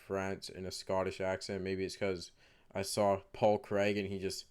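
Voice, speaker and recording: A man's voice: low-pitched, completely flat delivery, moderate pace, a little mellow, clean tone. A man casually talking through fight predictions to camera in a rambling way. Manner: rambling, many fillers and restarts. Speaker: MMA fight predictions vlogger.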